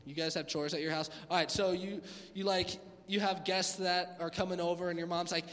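Male youth pastor, high voice, lively casual preaching, long hall echo. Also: brisk. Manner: energetic, conversational, acts out voices. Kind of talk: youth sermon. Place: church hall.

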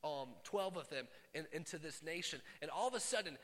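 Bright-voiced preacher in a reverberant hall. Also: male voice, on the high side, a little fast. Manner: animated, swings from loud bursts to hushed asides. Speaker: pastor. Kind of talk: sermon. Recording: long reverb of a large hall.

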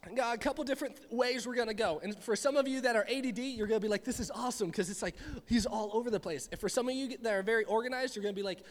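A man's voice: very high-pitched, very fast, few pauses. A man preaching a casual youth sermon to a live audience in a church hall, chatty and joking with rambling asides. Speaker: youth pastor. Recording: long hall reverb.

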